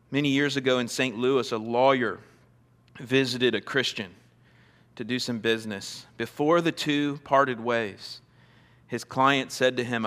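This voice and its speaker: A man's voice: medium pitch, steady tone, measured pace, fairly bright tone. Pastor guy preaching, earnest, keeps repeating stuff for emphasis, long church reverb. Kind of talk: sermon.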